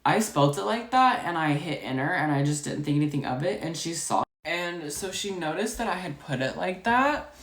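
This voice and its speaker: A woman telling a customer-service story in a chatty, rapid, animated way, full of filler words. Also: low-pitched. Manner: chatty, full of "like" and "you know". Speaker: storytime vlogger. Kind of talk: casual storytelling. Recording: echoey room.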